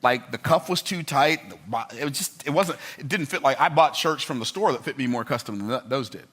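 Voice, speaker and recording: A man's voice: mid-range voice, expressive, a little fast, a bit bright. An older man giving a motivational speech to a live audience. He tells stories with emphasis and repetition, and often checks in with the crowd. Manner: emphatic, repetitive storytelling with rhetorical check-ins. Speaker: motivational speaker.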